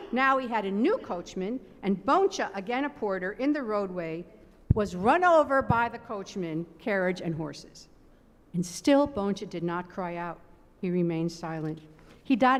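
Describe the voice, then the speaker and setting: A woman giving an expressive dramatic reading of a story in a large synagogue sanctuary. She speaks in a measured way at a middle pitch, leaning on each repeated phrase. A long reverb trails every line. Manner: measured, expressive, emphatic repetition.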